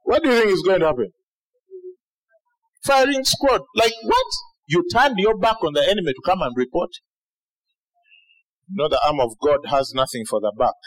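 High-voiced guy preaching, really animated, swoops all over and yells at the peaks. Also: normal speed, long pauses, poor audio. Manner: animated preaching with shouted peaks and acted-out quotes. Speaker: pastor. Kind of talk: sermon.

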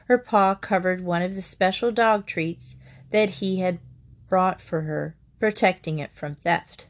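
A woman reading a children's storybook aloud, gently voicing the characters as she goes. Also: on the low side, a little slow. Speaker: storybook reader.

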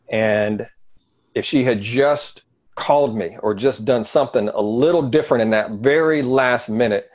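A middle-aged man, a guest in an interview, telling a personal story in an earnest way that often sinks to a quiet low voice. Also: brisk.

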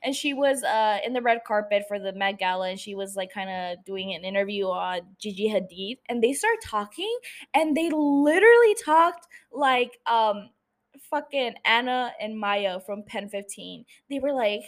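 A woman's voice: mid-range voice, normal speed. A young woman in her twenties casually chatting as a podcast host, sprinkling in swears and laughs. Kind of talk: casual chat.

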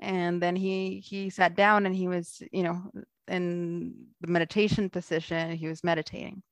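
A young woman telling a long personal story in casual conversation, animated and laughing often, acting out the people she quotes. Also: on the low side, moderate pace, no echo.

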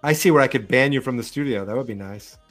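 A man's voice: medium pitch, fast talker, faint music behind. A man co-hosting a live stream, chatting loosely with ums and restarts. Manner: rambling, full of ums and restarts. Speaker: co-host of a live wrestling show. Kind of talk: casual chat.

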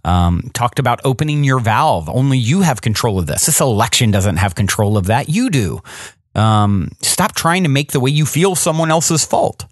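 A man's voice: medium pitch, big pitch swings, moderate pace, no echo, clean studio sound. A man hosting a podcast, commenting casually and thinking aloud with lots of fillers. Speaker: podcast host.

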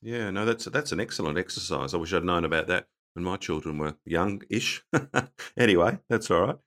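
Deep-voiced male interview host. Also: expressive, normal speed, fairly bright tone. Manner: affirming, with short agreements and laughs. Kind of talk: conversational podcast interview.

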